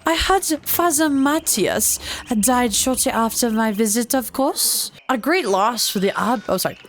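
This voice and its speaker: A woman's voice: on the high side, lively intonation, a little slow, slight background noise. A woman voicing a shrewd, aloof adult nobleman in a put-on accent for a story game.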